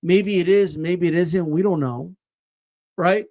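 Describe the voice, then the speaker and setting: High-voiced man ranting about boxing. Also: fairly even intonation, a little slow, darkish tone. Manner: ranting, rhetorical "right?" tags, repeats words, says "bro". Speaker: boxing commentator and host. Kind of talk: opinionated casual commentary.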